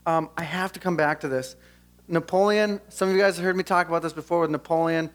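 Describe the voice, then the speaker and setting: A young male pastor preaches earnestly at a church service, chatting casually with the congregation before leading a closing prayer, with soft guitar music in the background. He talks fast, with a slightly high voice and fairly even intonation.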